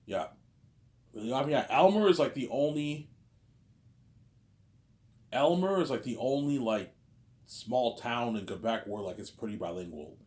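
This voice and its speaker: Here a male vlogger in his thirties delivers a loose, casual monologue at an unhurried pace, pausing often. His medium-pitched voice is animated with a darkish tone, and he keeps repeating himself, dropping "obviously" and "you know what I'm saying" throughout.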